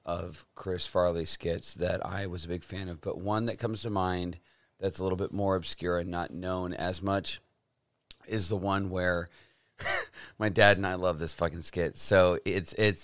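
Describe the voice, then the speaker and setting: Profane, animated man telling stories. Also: low-pitched, clear, resonant tone, dry recording, clean studio sound. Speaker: podcast co-host. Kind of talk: casual chat.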